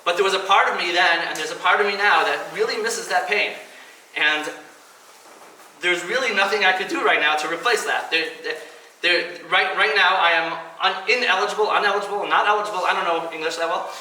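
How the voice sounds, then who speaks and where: A man in his thirties speaks earnestly to an audience at an event, now and then acting out the voices he quotes. His voice sits high and sounds very bright and sharp. The sound is roomy and distant, as if picked up from across a hall, with a faint hiss underneath. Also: brisk. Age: 30s. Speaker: speaker at a kidney donation event. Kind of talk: personal speech to an audience. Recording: echoey hall, mic at a distance, faint noise.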